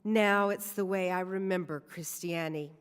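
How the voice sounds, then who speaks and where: Woman sharing a personal story from the pulpit, slow careful telling, long church echo. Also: lowish voice, clear, resonant tone. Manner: deliberate, reflective storytelling. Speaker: guest speaker at a church service. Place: church sanctuary. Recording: long reverb of a church hall.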